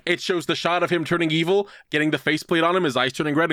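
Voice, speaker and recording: A man's voice: a little high, fast, hardly any pauses, a bit bright, no room sound, studio quality. A man co-hosting a casual podcast, swearing often as he rants through a movie recap. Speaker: podcast co-host.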